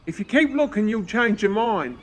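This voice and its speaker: A woman voicing an excitable, cheeky young man who talks loud and brash. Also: mid-range voice, unhurried, slight background noise. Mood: rowdy excited.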